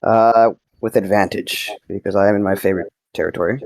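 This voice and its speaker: A man's voice: on the low side, steady tone, fairly quick, a little mellow, no room sound. A man playing a tabletop role-playing game, bantering and laughing between rolls. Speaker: player. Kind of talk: tabletop role-play chat.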